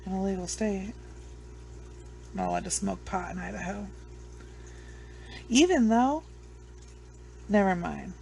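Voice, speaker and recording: A woman's voice: on the low side, gravelly, mellow, a little hiss or hum. A woman with children chatting casually to her viewers, rambling, blunt and swearing freely. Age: adult with children. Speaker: true crime vlogger. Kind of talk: casual chat to camera.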